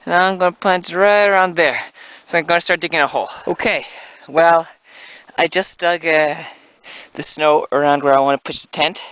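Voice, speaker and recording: A man's voice: a little high, fairly even intonation, normal speed, a bit bright, smooth, dry recording, low-quality recording. A man from Canada narrating a casual outdoor vlog in a snowy forest, talking through each task and marveling at the scenery. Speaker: vlogger.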